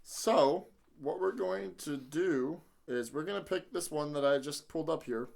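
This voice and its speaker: A man co-hosting a comedy podcast, playful and quick to laugh. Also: on the high side, creaky, over music. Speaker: podcast co-host. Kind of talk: improvised comedy bit.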